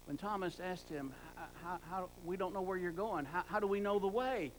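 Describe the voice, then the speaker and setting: A man's voice: high-pitched, brisk, slight background noise, rough recording. A man preaching a sermon with emphatic repetition, often stumbling and restarting words. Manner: emphatic, repeats words for stress.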